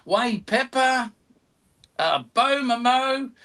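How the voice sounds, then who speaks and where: A man's voice: extremely high pitch, expressive, drawn-out words, pushed and bright. A man with an Australian accent co-hosting a live stream, reading out chat names with self-mocking asides. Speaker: co-host.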